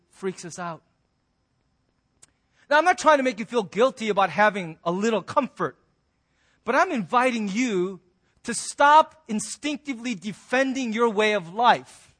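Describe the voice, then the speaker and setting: High-voiced preaching man, emphatic. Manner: emphatic, humorous, swings between loud and soft. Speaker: pastor. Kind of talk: sermon.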